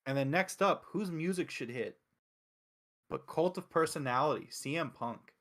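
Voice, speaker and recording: Man, host, casual review chat, excitable, cursing, slightly high voice. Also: moderate pace. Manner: excitable, profane, recaps with acted quotes. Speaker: wrestling show host.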